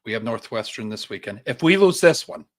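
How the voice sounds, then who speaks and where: A man's voice: medium pitch, animated, brisk. A young man co-hosting a sports podcast, ranting heatedly and swearing often in casual chat. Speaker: podcast co-host.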